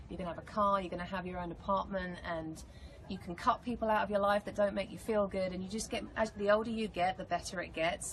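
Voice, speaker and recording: A woman with an English accent, an actress answering fan questions in a casual, animated live chat. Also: on the low side. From England. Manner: bubbly, animated storytelling. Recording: noisy live stream audio.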